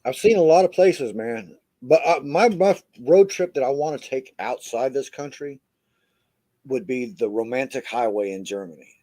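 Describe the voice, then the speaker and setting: A man's voice: mid-range voice, normal speed, mellow. A middle-aged American man co-hosting a podcast, telling road stories in a laid-back way and saying "man" a lot. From United States. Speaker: podcast co-host. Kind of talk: casual chat.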